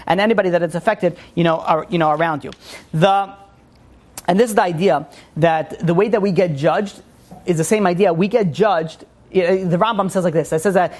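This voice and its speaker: A man giving an informal religious class, rambling with many restarts and animated asides. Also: sits high. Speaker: Torah teacher.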